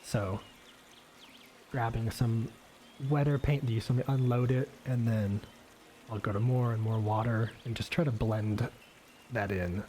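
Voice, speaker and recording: A man talks through his painting in an easy, meandering way, pausing on fillers and circling back over his words as he works. His pitch sits in the middle of the range, and a faint hiss of noise lies under the voice. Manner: relaxed, rambling, many fillers and restarts. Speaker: art instructor painting live. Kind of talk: casual live painting demonstration. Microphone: desk microphone on a livestream.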